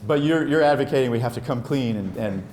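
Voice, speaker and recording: A man's voice: mid-range voice, expressive, fast talker, a crowd in the background. A middle-aged man giving an enthusiastic, joking science lecture and quizzing the audience. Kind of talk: lively scientific talk. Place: lecture room.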